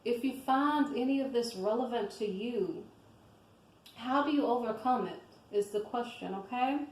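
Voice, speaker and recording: A woman's voice: a little high, moderate pace, roomy sound, low-quality recording. A woman giving casual devotional commentary on scripture, talking in a rambling conversational way and often checking in with her listeners.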